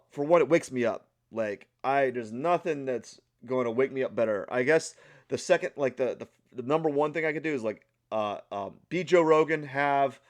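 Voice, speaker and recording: A young adult man telling a casual vlog story, animated and rambling, with many restarts and fillers. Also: medium pitch. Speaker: art channel vlogger.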